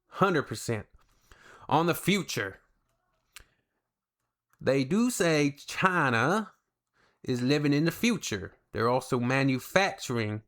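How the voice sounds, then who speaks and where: A man's voice: mid-range voice, a bit bright. A man putting on an exaggerated American drawl, playing a brash patriot who scoffs at foreigners in a blustering way. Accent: put-on exaggerated American drawl.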